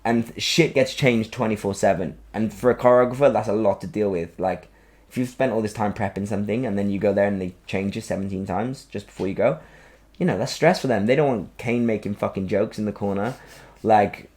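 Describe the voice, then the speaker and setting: A man, hosting a podcast and telling a story in a casual, animated way, acting out quotes and swearing freely. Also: fairly low pitch, fairly quick. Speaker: podcast host. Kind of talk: casual chat.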